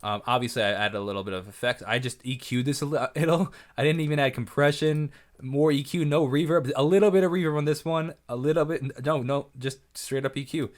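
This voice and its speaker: A man, a music producer, giving an excitable, casual breakdown of his track, often correcting himself mid-sentence. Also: mid-range voice, fairly quick, hardly any pauses. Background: faint music from his session playback.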